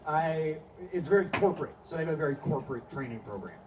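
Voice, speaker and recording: A man's voice: a little high, animated, quick pace. A male stand-up comedian performing a live set in a small venue, telling rambling, profane stories full of asides. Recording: distant mic with faint background noise.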